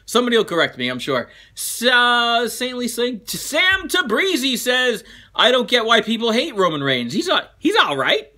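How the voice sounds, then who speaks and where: A man with a high, very bright voice reads viewer fan mail out loud. His pitch swings widely as he chats, jokes and laughs his way through it, with the easy manner of a regular show host. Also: moderate pace. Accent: New Jersey. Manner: animated, laughing, chatty with asides. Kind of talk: casual fan mail reading.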